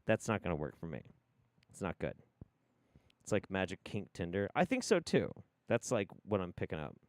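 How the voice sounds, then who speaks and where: A man hosting a livestream who gives profane, rambling, animated commentary. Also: low-pitched, normal speed. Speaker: livestream host.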